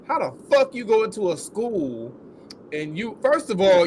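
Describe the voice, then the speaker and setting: A man's voice: high voice, sing-song, normal speed, a little mellow, slight background noise. A man hosting a podcast, ranting in heated, profane, incredulous commentary. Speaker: podcast host.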